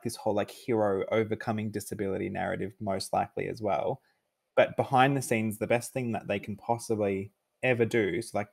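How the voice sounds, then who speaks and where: A man co-hosting a podcast, chatting casually in a quick, opinionated and sarcastic way. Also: fairly low pitch, vocal fry, a little mellow. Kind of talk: casual discussion.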